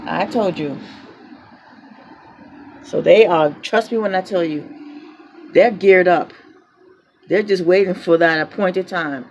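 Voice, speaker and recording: A woman's voice: lowish voice, a little slow, long pauses, darkish tone, poor audio. A defiant woman with a New York accent rants on a phone-camera vlog from inside her apartment. She hammers the same phrases again and again and laughs scornfully between them. A faint hum of outdoor noise sits behind her voice. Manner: defiant, repetitive, laughs mid-rant. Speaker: public housing tenant vlogger. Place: apartment, indoors.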